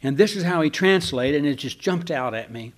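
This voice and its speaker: Preacher guy reading the bible out loud, slightly high voice, chatty little asides. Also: expressive, fairly quick. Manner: reads scripture aloud, breaking off for conversational asides. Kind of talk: sermon with scripture reading.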